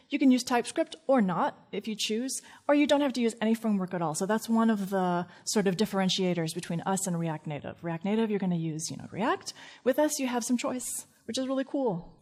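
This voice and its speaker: A woman's voice: medium pitch, darkish tone. A woman from St. Louis giving a chatty conference talk to a live audience, laughing often and tossing in self-deprecating asides. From St. Louis, USA. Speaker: conference speaker.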